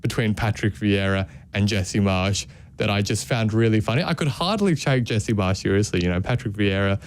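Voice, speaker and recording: A young man co-hosting a radio football show, chatting in a rambling, animated way. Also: lowish voice, normal speed. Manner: animated, rambling, laughs often. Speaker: podcast co-host. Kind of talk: casual football chat.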